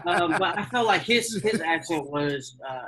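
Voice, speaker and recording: A man's voice: high-pitched, animated, a little slow, a crowd in the background, poor audio. A man co-hosting a casual film podcast, hesitant and trailing off with many "um"s. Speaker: podcast co-host.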